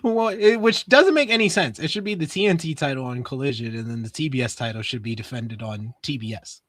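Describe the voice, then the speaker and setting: A man co-hosting a wrestling review show, recapping episodes in casual chat with quick delivery and frequent laughter. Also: medium pitch, lively intonation, a bit bright, no echo, clean studio sound.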